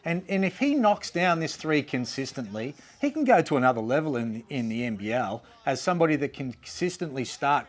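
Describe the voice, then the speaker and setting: A man co-hosting a basketball chat show, enthusiastic and opinionated. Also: fairly high pitch. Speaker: co-host. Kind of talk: casual sports chat.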